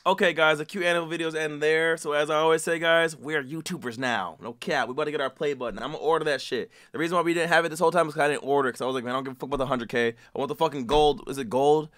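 A man's voice: a little high, fairly even intonation, very fast, hardly any pauses, a bit bright. A man hosting a reaction video, talking in a casual, profane and rambling way full of slang.

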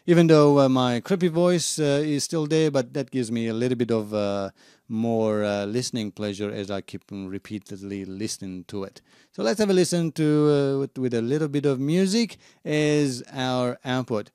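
A man walks viewers through his recording software in an easygoing, halting way, often pausing to find a word. His voice is gravelly and mellow at a middle pitch. It sounds dry and close, with soft music underneath. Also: no room sound. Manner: halting, searching for words. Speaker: home studio host. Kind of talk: casual software tutorial.

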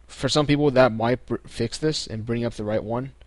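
A young male host with a mid-range voice speaks at a normal speed in this casual screen-recorded tutorial, walking through a computer task step by step. There's no room sound, and he's laid-back, with lots of ums and restarts.

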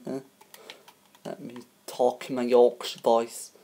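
A woman hosts a homemade mock TV show in a casual, unpolished way. Her voice sits very low, and she talks slowly. She hesitates constantly, filling gaps with ums and uhs and tripping over names. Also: monotone, mellow. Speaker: host of a homemade spoof show.

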